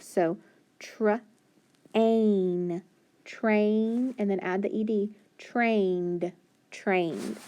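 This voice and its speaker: Mellow-voiced woman teaching phonics. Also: mid-range voice. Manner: slow, clear letter-by-letter sounding out with praise. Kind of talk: phonics lesson.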